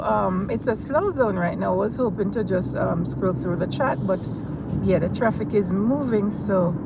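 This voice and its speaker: A woman with a Jamaican accent hosting a casual live stream from her car, talking straight to her viewers. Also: mid-range voice. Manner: chatty, addresses viewers directly. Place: in a car while driving. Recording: car and road noise.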